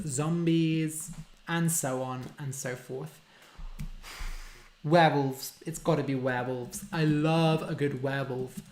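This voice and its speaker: A man, a language teacher hosting a casual live-stream Q&A, reading out viewer questions and explaining simple words for learners. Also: a little high. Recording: roomy echo.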